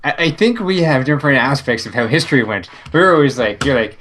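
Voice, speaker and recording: A man's voice: medium pitch, animated, fairly quick, hardly any pauses, fairly bright tone, slight background noise. A man from Canada co-hosting a podcast, easygoing and laughing along in casual comedic chat. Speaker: podcast co-host.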